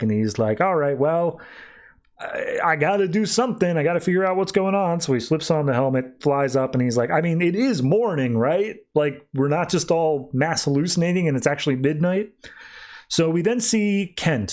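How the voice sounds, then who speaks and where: A man's voice: medium pitch, darkish tone. A man hosting a podcast, retelling a comic's plot in a chatty way, with offhand "he's like" quotes. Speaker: podcast host. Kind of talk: casual comic book review.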